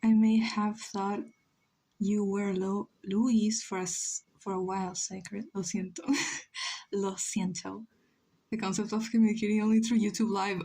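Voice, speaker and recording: This streamer, a young woman from Chile and a native Spanish speaker, banters with her chat as she draws live. She sounds animated yet measured, with long pauses, a medium pitch, and a darkish tone.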